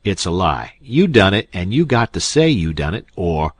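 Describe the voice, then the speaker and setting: A man voicing a middle-aged male con man who scolds his partner loudly and sarcastically. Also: low-pitched, moderate pace, no room sound. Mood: angry.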